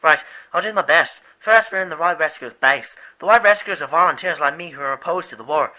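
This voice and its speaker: A man's voice: fairly high pitch, a little fast, sharp tone, rough recording. A man voicing a rambling rebel leader. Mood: explaining. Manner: rambling, stumbling over words. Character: male rebel volunteer leader, earnest and rambling. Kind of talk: amateur animated movie voice acting.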